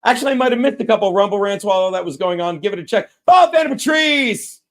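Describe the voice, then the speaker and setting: A man's voice: sits high, rapid-fire. A man hosting a casual livestream, telling rambling, profane stories and laughing at himself. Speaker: podcast host.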